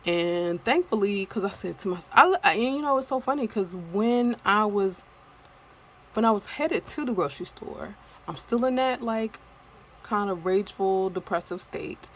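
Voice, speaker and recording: A woman's voice: mid-range voice, animated, moderate pace, slight background noise, rough recording. A woman telling a personal story in a casual vlog, candid and rambling, with many fillers. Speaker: vlogger.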